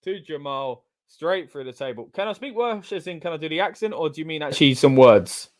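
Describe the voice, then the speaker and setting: Casting: English male co-host, fairly high voice, chatty, bursts of excitement. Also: a little fast. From England. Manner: excitable, chatty, loud exclamations. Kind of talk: casual watch-along commentary.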